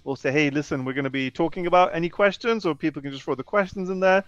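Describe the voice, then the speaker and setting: Man, casual storyteller, slightly high voice, dry muffled audio. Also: fast talker, no room sound. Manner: animated storyteller who acts out quoted voices. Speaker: interview guest.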